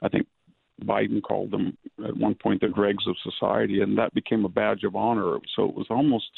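An older man, a historian and author, giving measured, analytical answers in a political interview from rural California. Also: on the low side, little pitch movement, vocal fry, slightly rough, dry recording. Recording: dry phone-line audio.

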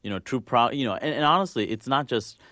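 A man's voice: medium pitch, animated, fast, bright, forceful tone, no room sound, studio quality. A man being interviewed as a filmmaker, earnest and thinking aloud with many fillers. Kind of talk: casual interview.

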